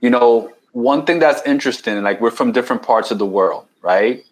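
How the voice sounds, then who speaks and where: This keto challenge coach from New York, a podcast guest, has a mid-range voice and talks at normal speed on a low-quality recording. The chat is casual. His style is explanatory and long-winded, full of restarted words and frequent "right?" check-ins.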